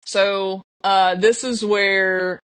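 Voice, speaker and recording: A woman's voice: mid-range voice, fairly even intonation, extremely slow, fairly bright tone, smooth, no echo. A middle-aged woman, telling a personal story earnestly on a podcast. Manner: earnest, emotional, with restarts and laughs. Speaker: podcast guest. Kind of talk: casual storytelling.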